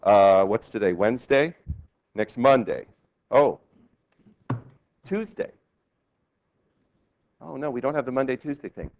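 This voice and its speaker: A man's voice: medium pitch, a little slow, pauses often, a little hiss or hum. Man lecturing a law class. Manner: lively, quizzing students with questions. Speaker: law professor. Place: law school lecture hall.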